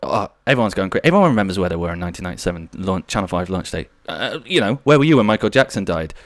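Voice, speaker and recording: A man's voice: low-pitched, expressive, racing, dry recording, clean studio sound. A man in his thirties hosting a podcast solo, rambling through jokey anecdotes. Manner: rambling, jokey, slips into silly voices. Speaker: podcast host.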